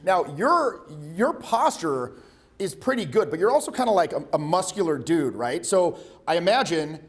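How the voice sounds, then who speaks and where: A man's voice: high-pitched, very animated, normal speed. A man coaching a live workshop on voice and presence, talking bluntly and casually, with frequent swearing. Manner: blunt, profane, conversational.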